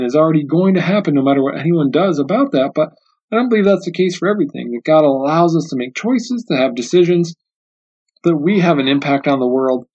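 Earnest man with a higher-pitched voice. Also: darkish tone. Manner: earnest, reflective retelling with frequent restarts; slow, careful reading of passages aloud. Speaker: podcast host. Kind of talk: solo book discussion podcast. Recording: dull, muffled lo-fi audio.

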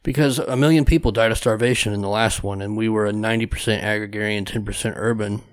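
A man's voice: fairly low pitch, fairly even intonation, quick pace, no echo, clean studio sound. A man co-hosting a podcast, blunt, crude and wry in casual chat. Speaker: podcast co-host.

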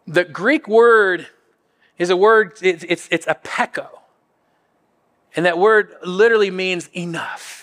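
High-voiced man preaching in a hall. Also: measured pace, long pauses, fairly bright tone. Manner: earnest, conversational preaching with dramatic quoted asides. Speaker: pastor. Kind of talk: sermon.

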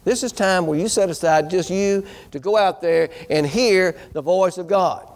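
A man delivers a sermon in a folksy, exhorting manner. His voice sits somewhat high for a man. He keeps putting questions to the congregation as their pastor. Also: moderate pace.

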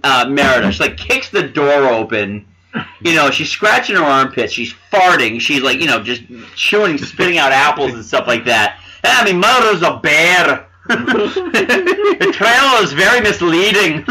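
A man in casual chat reviewing a film with friends, animated, swearing and laughing while he hunts for names. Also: fairly high pitch, measured pace, slightly rough, low-quality recording. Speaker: podcast co-host reviewing a film.

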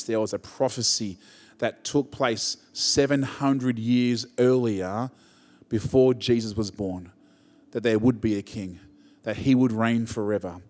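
A man's voice: mid-range voice, darkish tone, big-room sound. A man preaching a conversational sermon as pastor, rising to emphatic peaks.

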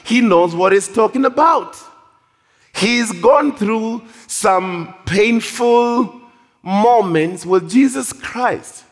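Male preacher, high voice, slow and emphatic, sermon in a reverberant hall. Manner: animated, drawn-out emphatic delivery. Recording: long reverb of a large hall.

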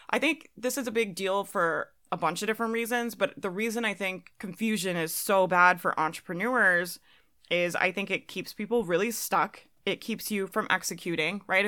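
A woman's voice: medium pitch, pushed and bright. A young adult woman talking casually as a business coach, laughing now and then at her own examples. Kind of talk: casual monologue.

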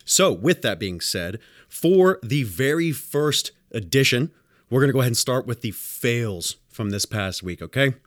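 A man who works as a home health nurse rants casually and bluntly about his job, swearing freely and acting out dialogue in other voices. He's animated but unhurried, with a mid-range voice and a clean studio sound with no room echo.

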